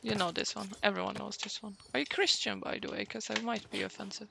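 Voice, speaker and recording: A young woman streamer chatting casually, sarcastic, swearing freely and often clearing her throat. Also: mid-range voice, steady tone, quick pace, bright, forceful tone, slight background noise. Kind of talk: casual livestream chat.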